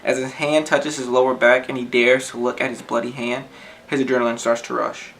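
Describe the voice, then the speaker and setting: A man reciting his own spoken-word poem in an earnest, measured way. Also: mid-range voice, flat delivery, fairly bright tone, a little hiss or hum, low-quality recording. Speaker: poet, podcast co-host.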